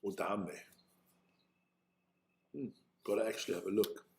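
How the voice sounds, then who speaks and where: A man's voice: lowish voice, a little slow, darkish tone, a little hiss or hum. A man with a South African accent, chatting casually on a live stream while he watches rugby, thinking aloud and swearing freely. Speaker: live-stream host reacting to a rugby match.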